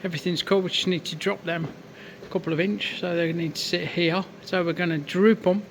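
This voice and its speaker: A man with a slightly hoarse voice gives chatty, sweary commentary while working at a lathe in his workshop, full of self-mocking asides. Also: high voice, steady tone, brisk, a little hiss or hum. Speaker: workshop fabricator.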